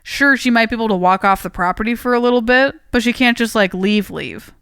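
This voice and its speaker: A podcast co-host recapping a film plot in casual chat, eager and full of filler "like"s. The voice is smooth and clear, and it is recorded dry and close. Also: mid-range voice, brisk, fairly bright tone, no room sound.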